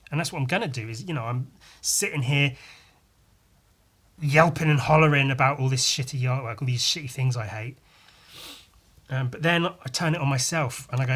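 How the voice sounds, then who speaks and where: Male podcast host, sharp bright voice, rambling sweary self-deprecating monologue. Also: medium pitch. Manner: profane, self-deprecating rant with restarts. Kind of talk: casual monologue.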